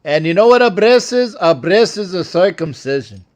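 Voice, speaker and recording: A man's voice: high-pitched, expressive, moderate pace, darkish tone. An older man hosting a sports show, rambling and joking with callers in a casual live-stream chat.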